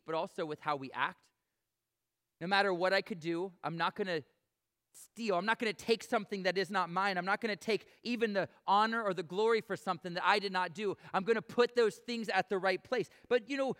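A man's voice: high voice, fairly bright tone. A man preaching a sermon to his congregation, earnest and conversational, asking the room direct questions. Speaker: pastor. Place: church sanctuary before a congregation.

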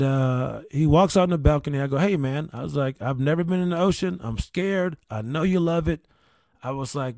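A man's voice: medium pitch, a little mellow, no room sound. A man casually telling a long personal story, rambling with restarts, repeated words and casual swearing. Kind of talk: casual anecdote.

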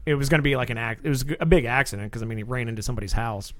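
A man who works as a police officer tells stories in relaxed conversation, talking quickly and acting out the people in them. His voice sits at an average pitch. The sound is dry and close to the mic. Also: no echo. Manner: animated storyteller acting out quotes. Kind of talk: casual storytelling chat.

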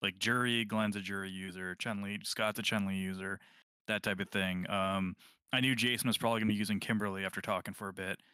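A man co-hosting a podcast, chatting casually about video games in a rambling, relaxed way. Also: fairly low pitch, fairly quick, smooth, no echo, clean studio sound. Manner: rambling, relaxed, lots of fillers and restarts. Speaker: podcast co-host.

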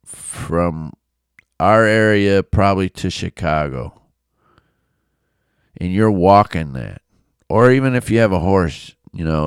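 Man from Illinois, very low voice and unhurried delivery, casual animated Bible teaching in a dry close-mic room. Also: clear, resonant tone, no room sound. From Illinois, USA. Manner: conversational, animated storytelling with asides. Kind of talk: casual Bible study talk.

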